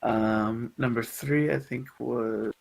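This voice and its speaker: A man running a tabletop role-playing game as game master, explaining rules in a relaxed way and laughing easily. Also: medium pitch, slow, vocal fry, poor audio.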